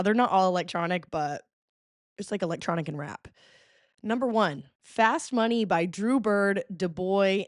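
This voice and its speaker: A woman's voice: on the low side, no echo, clean studio sound. A young woman hosting a casual solo podcast, playful and dramatic, humming bits of songs. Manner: playful, dramatic, hums and sings along to songs. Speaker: podcast host.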